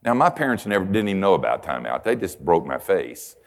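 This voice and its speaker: With a deep, very animated voice and a slightly fast pace, an older preacher gives a conversational sermon, telling folksy stories and swinging from gentle asides to forceful points.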